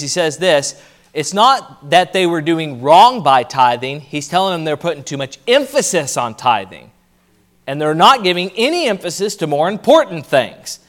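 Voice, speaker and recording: Male pastor with a somewhat high voice, giving an explanatory sermon and repeating points for emphasis. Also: a bit bright. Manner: explanatory teaching, reads scripture aloud.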